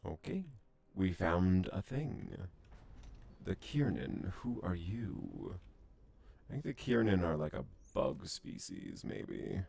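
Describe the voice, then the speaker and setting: Chill streamer guy, super low rough voice, blunt and casual. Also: very animated, slow pace, darkish tone. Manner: laid-back, blunt, swears casually. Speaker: gaming streamer. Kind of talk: casual gameplay commentary.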